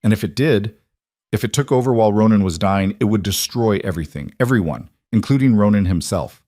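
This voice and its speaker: Man, audiobook narrator, low voice, dramatic, measured, dry sound. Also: darkish tone, no echo. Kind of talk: scripted narration.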